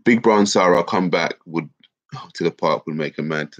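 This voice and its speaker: A congested man runs a relaxed livestream, his low voice keeping a moderate pace. Chatty and energetic, he reads his viewers' comments out loud over muffled, low-fidelity stream sound.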